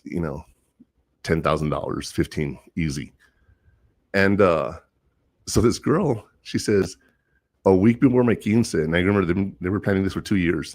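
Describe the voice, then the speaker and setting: A middle-aged man with a very low voice tells stories from his counseling work in an easy, rambling way. He loops back with plenty of fillers, sincere and plain-spoken. The sound is dry and close. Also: no echo. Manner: rambling, earnest storytelling with many fillers. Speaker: teacher and counselor. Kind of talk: casual monologue.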